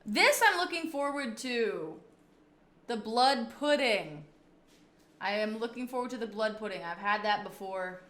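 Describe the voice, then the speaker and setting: A woman's voice: fairly high pitch, lively intonation, a little slow, a bit bright, echoey room. A woman streamer chatting casually on a livestream, rambling through off-the-cuff reactions.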